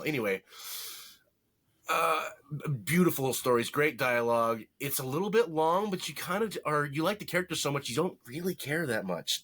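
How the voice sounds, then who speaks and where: A man's voice: medium pitch, a bit bright. A man co-hosting a podcast, chatting casually about shows he watched, rambling and correcting himself with jokes. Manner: rambling, self-correcting, jokey. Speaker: podcast co-host. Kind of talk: casual movie review chat.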